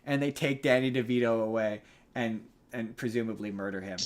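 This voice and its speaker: A man's voice: medium pitch, brisk. A man hosting a podcast, casually recapping a movie plot with a rambling delivery and frequent restarts. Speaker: podcast host.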